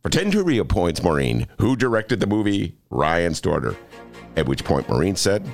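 Playful, animated male radio host. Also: low voice, moderate pace, gravelly, soft background music. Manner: joking, self-mocking, playful. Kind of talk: comic radio talk. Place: radio studio.

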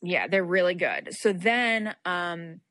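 A young woman co-hosting a podcast, her voice bright and forceful though set a little low. She tells stories with lively, laughing energy. The sound is close and dry. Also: takes it slowly, dry recording. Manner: animated storytelling with frequent laughs. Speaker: podcast co-host. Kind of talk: casual chat.

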